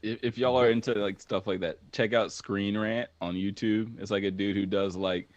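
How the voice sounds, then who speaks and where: A man's voice: on the low side, steady tone, normal speed, no room sound, highs cut off. A man hosting a casual sports podcast, talking loosely with lots of filler words. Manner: loose, laid-back talk full of "like" and "right on". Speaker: podcast host.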